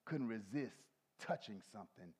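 A middle-aged male pastor preaching a folksy sermon, swinging from low soft asides to shouted peaks. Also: expressive, normal speed, slightly rough. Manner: folksy, talks to the congregation.

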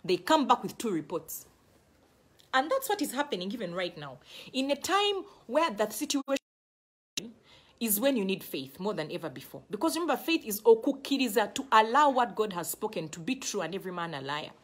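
A woman's voice: medium pitch, very animated, fairly quick. A middle-aged woman with a Ugandan accent, giving a passionate sermon and repeating phrases for emphasis. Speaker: preacher.

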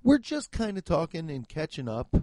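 A young man in his twenties or thirties, a comedian rambling through a profane, animated monologue with bursts of shouting. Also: on the high side, normal speed, no echo. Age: 20s to 30s.

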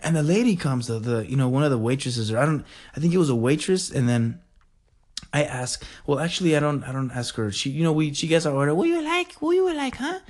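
Give me an excitable man rambling through a casual story in a mid-pitched voice. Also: fast. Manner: rambling and excitable, many fillers.

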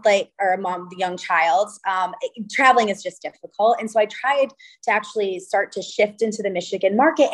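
A woman's voice: mid-range voice, rough recording. Chatty woman venue owner telling stories. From California. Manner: chatty, animated storytelling with frequent "like". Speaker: venue owner and wedding designer. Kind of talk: casual interview conversation.

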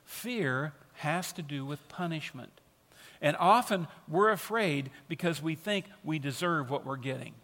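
A man preaches to his congregation with an earnest, emphatic delivery, leaning on repeated phrases to drive points home. His voice sits a little high for a man. It rings with the long reverb of a large hall. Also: expressive, unhurried, a bit bright. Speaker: pastor. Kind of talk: sermon.

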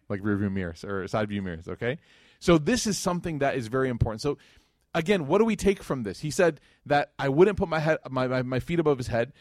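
A man's voice: no echo, clean studio sound. A young man giving a casual, storytelling religious lecture, acting out quotes in a lifted voice. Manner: conversational, storytelling, acts out quotes with rising pitch. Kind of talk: religious lecture to a live audience.

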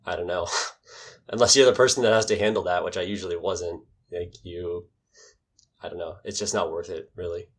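Low-voiced rambling male podcast co-host. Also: husky. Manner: rambling, lots of "like" fillers, teasing. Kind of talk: casual chat.

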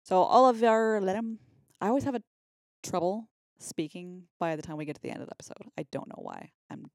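A woman's voice: mid-range voice, lively intonation, fairly quick, no room sound, studio quality. Playful woman podcast co-host. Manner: playful, wraps up the episode. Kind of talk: casual chat.

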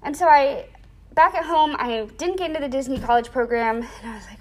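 Young woman, kinda high voice, chatty storyteller, says like a lot. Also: brisk, noisy background. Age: young adult. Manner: animated storyteller, acts out quoted voices; frequent "like" fillers. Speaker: interviewee. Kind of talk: casual storytelling interview.

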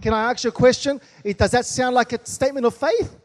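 A pastor preaching to his congregation, his very high voice ringing through a large church hall. He keeps stopping to call out amen and hallelujah, and the long reverb trails after each phrase. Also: fairly even intonation, fast talker. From Australia. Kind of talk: sermon.

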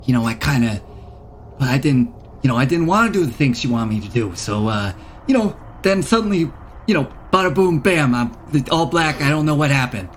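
A man's voice: medium pitch, expressive, normal speed, a little hiss or hum, close to an everyday voice. A man voicing a brash, streetwise male imp with a Queens accent, rambling and full of fillers. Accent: New York Queens.

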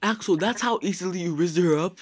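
Brief: teasing male podcast host, high voice, dry sound. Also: brisk, no room sound. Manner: teasing, playful, repeats himself. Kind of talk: casual chat among friends.

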